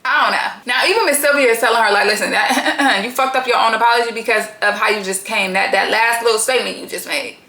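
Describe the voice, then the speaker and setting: A bright, blunt woman recapping reality TV. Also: fairly high pitch, fast, few pauses, reverberant. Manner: blunt, profane, frequent laughter; chatty, slangy and animated. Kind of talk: casual reality TV recap commentary.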